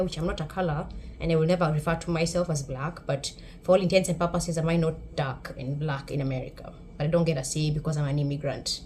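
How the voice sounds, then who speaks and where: A woman's voice: low voice, steady tone, fast talker, darkish tone, slight background noise. A woman with a Kenyan accent giving a wry, sarcastic, emphatic commentary on her vlog. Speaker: YouTube commentator.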